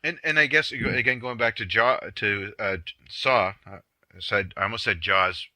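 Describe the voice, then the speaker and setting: Bright-voiced man rambling in casual chat. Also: lowish voice, steady tone, moderate pace, no echo. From Canada. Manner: rambling, self-correcting, laughing. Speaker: podcast co-host. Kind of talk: casual movie podcast chat.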